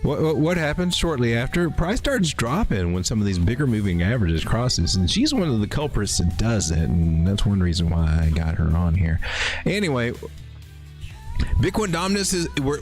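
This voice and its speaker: A man hosting a live chart-reading stream, joking and rambling as he talks through the charts and greets his chat. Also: mid-range voice. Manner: jokey, rambling, easily startled. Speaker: livestream host. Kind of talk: casual livestream chart commentary.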